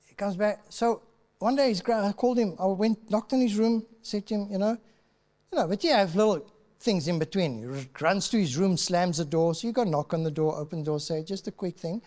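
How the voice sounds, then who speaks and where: A man's voice: high voice, fairly quick, darkish tone. A man preaching from the pulpit in an easy, storytelling way, acting out both sides of a conversation. His voice carries the long reverb of a large church hall. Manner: conversational storytelling, acts out dialogue. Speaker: pastor. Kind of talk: sermon with personal stories. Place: church auditorium.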